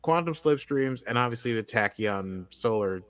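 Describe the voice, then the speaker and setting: This American man speaks in a mid-range, slightly bright, smooth voice with lively intonation and a moderate pace, recorded with no room sound. Co-hosting a podcast, he rambles casually through a TV episode recap, often restarting sentences and relying on fillers.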